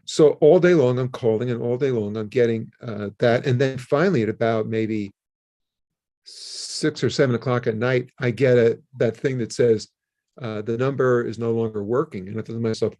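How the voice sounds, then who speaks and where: An older man, a guest in an interview, telling a story in a casual, animated way and acting out the phone calls in it. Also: medium pitch, moderate pace. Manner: animated, acts out his own and others' phone calls.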